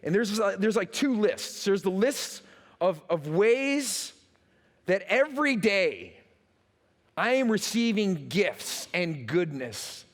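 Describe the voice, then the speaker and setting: A man preaches from the stage, his voice a little high and swinging widely in pitch as he acts out quotes and leans on repeated words. His sermon rings out with the long echo of a big church hall. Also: big pitch swings, slow pace. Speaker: pastor. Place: large church auditorium.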